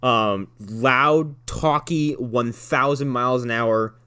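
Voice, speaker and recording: A man co-hosting a casual movie podcast, playful and quick to laugh as he quotes the film. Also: medium pitch, sharp tone, clear, resonant tone. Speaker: podcast co-host. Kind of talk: casual movie-review banter.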